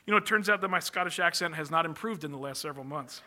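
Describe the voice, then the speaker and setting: A man's voice: a little high, racing, few pauses, bright, forceful tone. A man preaching a sermon from the pulpit, earnest and emphatic, building long lists as his energy rises. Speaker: pastor.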